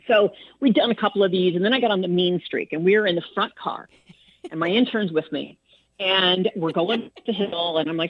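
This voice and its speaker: A middle-aged woman, a former radio personality, telling stories as a guest and acting out quotes with big jumps in pitch. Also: animated, moderate pace, breathy edge, no room sound. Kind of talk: storytelling interview. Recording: dull, dry low-fi studio sound.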